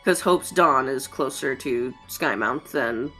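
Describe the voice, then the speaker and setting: A woman's voice: a bass voice, slow, fairly bright tone, faint music behind. A woman narrating as game master of a tabletop game, chatty and full of "um"s. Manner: chatty, many "um"s and "like"s.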